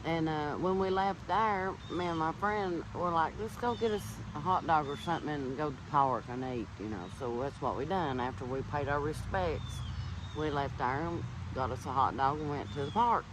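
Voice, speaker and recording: A man's voice: fairly high pitch, moderate pace, noisy background. A man earnestly telling viewers a personal ghost story and insisting it is true. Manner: earnest, insistent, swears to be truthful.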